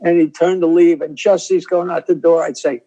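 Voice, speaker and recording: An older comedian guest on a video call, telling stories in a rambling, self-interrupting way. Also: male voice, on the high side, steady tone, fairly quick, mellow, lo-fi sound.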